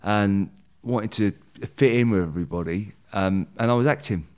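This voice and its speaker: Low-voiced man from England, emphatic. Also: normal speed, a little mellow, smooth. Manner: emphatic, heated bursts, jokey asides. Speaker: guest. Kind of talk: candid interview talk.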